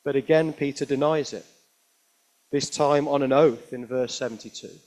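With a medium pitch, fairly even intonation and a moderate pace, a man preaches, recounting the story expressively. Rhetorical tag questions come often, and he alternates between emphatic peaks and hushed lines.

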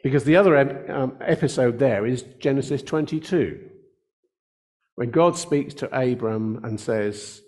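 A man's voice: mid-range voice, unhurried, a little mellow. Older man preaching an earnest sermon. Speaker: pastor.

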